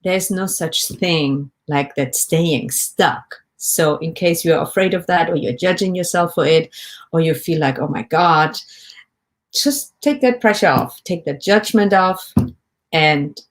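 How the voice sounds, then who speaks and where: A woman hosting a solo podcast, talking listeners through why they feel stuck in a gentle, encouraging way and asking them questions as she goes. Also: on the low side, measured pace. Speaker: podcast host, life coach. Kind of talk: reflective solo podcast talk.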